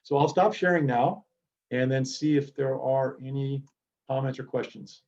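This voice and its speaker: A man's voice: mid-range voice, normal speed, a little mellow, muffled recording. A middle-aged man, a DEA agent, giving an earnest motivational lecture to students over a video call.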